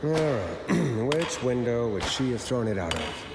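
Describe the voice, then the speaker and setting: A lone hero in a horror video game who mutters uneasily under his breath. The voice sits in an echoey, roomy space. A clear hiss runs behind it. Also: medium pitch, big pitch swings, unhurried. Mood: uneasy. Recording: echoey hall with background hiss.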